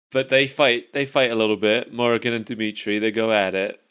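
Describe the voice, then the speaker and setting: A man co-hosts a laid-back podcast, talking in a rambling, chatty way and laughing often at his own jokes. His voice sits a little low. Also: a bit bright, smooth. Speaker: podcast co-host. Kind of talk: casual chat.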